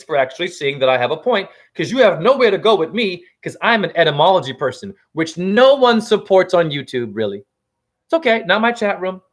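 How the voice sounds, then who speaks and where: Animated man ranting on a livestream. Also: on the high side. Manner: profane, rambling, heated. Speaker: self-styled spiritual teacher. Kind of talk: livestream rant.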